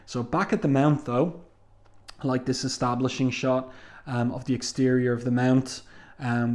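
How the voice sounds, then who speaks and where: A man at a middle pitch talks through a comic book in a relaxed, unscripted way. He pauses often with ums and uhs as he walks through the story. The recording sounds like it was made at home. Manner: unhurried, frequent ums and uhs, reads comic dialogue aloud. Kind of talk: casual spoken review.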